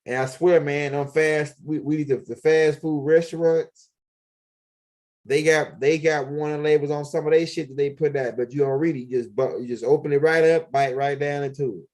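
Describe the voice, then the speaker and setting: A man's voice, on the high side with a darkish tone and fairly even intonation, moves at a normal speed. He's a video blogger wandering through his house and backyard, rambling casually in profane street talk with lots of fillers.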